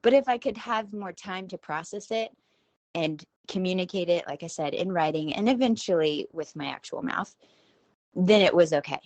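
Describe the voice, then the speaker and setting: A woman's voice: on the low side, moderate pace, a little mellow, no room sound. A woman around forty, talking in a rambling, self-deprecating casual monologue as a podcast host, laughing at herself. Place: at home.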